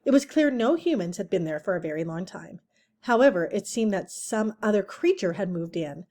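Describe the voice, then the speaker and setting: A woman's voice: mid-range voice, animated, moderate pace, mellow. Woman reading a children's book aloud. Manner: chatty asides and self-corrections. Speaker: reader.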